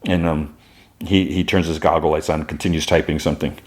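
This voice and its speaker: A man's voice: very deep voice, flat delivery, brisk. A man hosting a podcast, casually retelling the scenes of an episode and quoting the characters along the way. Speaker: podcast host.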